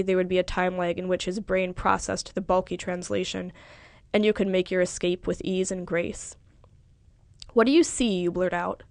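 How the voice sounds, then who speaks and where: Smooth-voiced woman reading literary fiction. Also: lowish voice, no room sound. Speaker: audiobook narrator. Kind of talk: scripted literary narration in second person.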